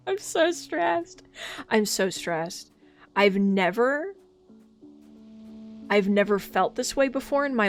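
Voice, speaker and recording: A woman streaming a video game, chatting casually, swearing often and reading the game's text aloud. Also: medium pitch. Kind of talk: casual live-stream chat while playing.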